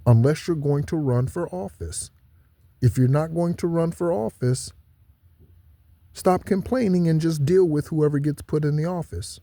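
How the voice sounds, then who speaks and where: A man's voice: a little high, dark tone, no room sound. A man talking alone to his viewers in a preachy spiritual monologue, repeating and stressing his points. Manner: preachy, repeats himself, slow stressed asides. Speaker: spiritual channel host. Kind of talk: solo spiritual talk to viewers.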